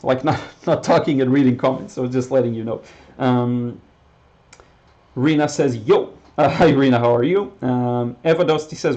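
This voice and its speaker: A man's voice: medium pitch, dull audio. Chatty man streaming a painting lesson. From Israel. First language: Hebrew. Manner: relaxed and chatty, many fillers, short laughs. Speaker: watercolor painting instructor. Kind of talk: live-stream painting demo, reading chat.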